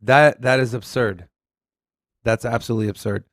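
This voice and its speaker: A man's voice: mid-range voice, moderate pace, dry recording. Texan male co-host, Southern accent, dry close sound, reads headlines aloud and riffs on them. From Texas. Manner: animated, reads articles aloud, swears casually. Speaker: podcast co-host. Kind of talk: casual crypto news chat.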